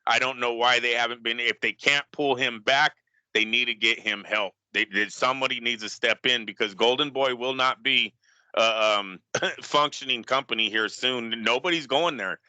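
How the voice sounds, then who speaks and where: A man's voice: medium pitch, normal speed, bright, forceful tone, no room sound. A man on a boxing podcast panel, making emphatic points with short laughing asides. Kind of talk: casual boxing talk.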